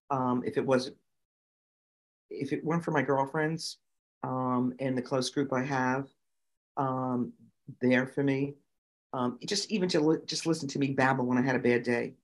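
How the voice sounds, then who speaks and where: A middle-aged woman, a guest on an interview show, telling lively stories with many fillers and giving emphatic advice. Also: extremely low pitch. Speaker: guest, nonprofit founder and autism parent. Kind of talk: conversational storytelling interview.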